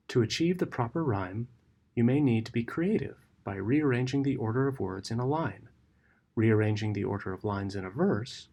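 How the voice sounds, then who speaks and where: A man narrates a training lesson in a steady, measured way. His voice sits low, with some gravel and a husky edge. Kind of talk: scripted instructional narration.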